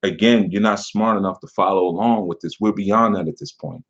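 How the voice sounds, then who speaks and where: Scornful man with a low voice. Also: steady tone, brisk. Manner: scornful, sarcastic, laughs at his critic. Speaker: spiritual teacher. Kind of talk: reading out and mocking a viewer's comment. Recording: dull lo-fi sound.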